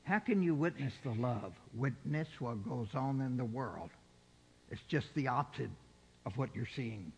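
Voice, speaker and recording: A man's voice: mid-range voice, expressive, unhurried, in a large hall, slight background noise. An older man preaching a sermon, putting rhetorical questions to his congregation.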